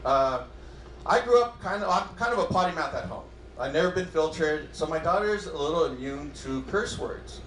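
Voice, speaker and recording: A high-pitched man performs stand-up with an animated, bouncing delivery, slipping into the voices of his wife and daughter. His voice carries a roomy club echo with faint crowd ambience behind it. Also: slight background noise. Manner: animated, acts out dialogue in quick bursts. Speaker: stand-up comedian. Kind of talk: stand-up comedy set. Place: comedy club stage before a live audience.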